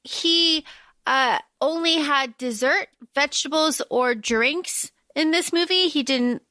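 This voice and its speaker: A woman's voice: sits high, takes it slowly, dry recording, studio quality. A young woman co-hosting a podcast, chatting casually and animatedly about a movie, acting out lines from it. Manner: animated, laughing, acts out quotes. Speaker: podcast co-host. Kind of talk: casual chat recapping a movie.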